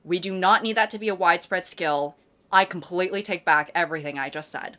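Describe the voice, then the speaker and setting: A woman's voice: lowish voice, pushed and bright. Sarcastic young woman host. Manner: sarcastic, exasperated, quick asides. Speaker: YouTube host. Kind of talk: comedic commentary reading dating app messages.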